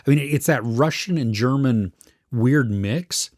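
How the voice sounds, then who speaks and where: A podcast co-host chats casually about a series he watched, groping for words as he goes. His mid-range voice is darkish and unhurried, recorded with studio quality and no echo.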